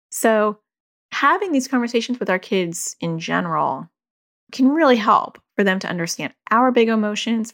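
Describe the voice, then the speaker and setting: Middle-aged female parenting coach, casual chatty delivery, medium pitch. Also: creaky, a bit bright. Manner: chatty, fillers like "you know". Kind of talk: casual advice talk.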